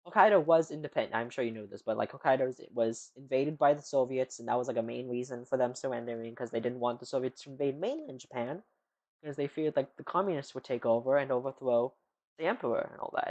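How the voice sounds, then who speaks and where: A man's voice: mid-range voice, quick pace, darkish tone, lo-fi sound. Rambling man chatting on a live stream. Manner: rambling, full of "like" and "you know". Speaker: live streamer answering chat. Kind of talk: casual live-stream chat.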